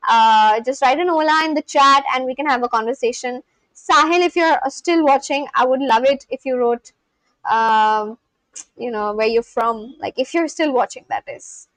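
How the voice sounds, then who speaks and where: A woman's voice: high voice, moderate pace, fairly bright tone, no echo, poor audio. A woman chatting on a live stream, saying phrases aloud and then translating them. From India (Kolkata, West Bengal). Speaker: streamer learning a language. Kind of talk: casual live-stream chat.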